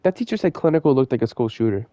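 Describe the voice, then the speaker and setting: Young male storyteller, loose and rambling, lots of slang, mid-pitched, on a dull dry lo-fi recording. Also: lively intonation, very fast, warm tone, no echo. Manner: rambling, slangy, full of fillers and digressions. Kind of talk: casual storytelling monologue.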